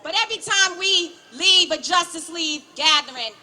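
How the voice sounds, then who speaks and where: A woman giving an impassioned protest speech at a rally, shouting slogans in a rousing cadence. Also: extremely high pitch, moderate pace. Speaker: rally speaker.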